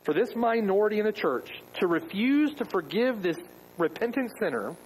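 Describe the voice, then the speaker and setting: A man's voice: high voice, lively intonation, moderate pace, slight background noise, rough recording. A man preaching a sermon as pastor, emphatic, with rhetorical questions.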